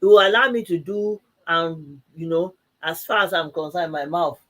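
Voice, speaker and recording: A woman co-hosting a live church talk show, telling stories in a casual and animated way, laughing often and acting out both sides of each exchange. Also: lowish voice, moderate pace. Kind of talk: casual conversational storytelling.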